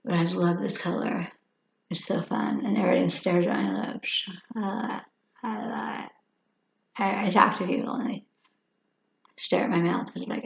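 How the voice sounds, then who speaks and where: A makeup vlogger past fifty chats loosely while doing her makeup, wandering off and muttering to herself. She speaks at a moderate pace in a lowish register with vocal fry and fairly even intonation. The sound is dull and lo-fi, with room echo.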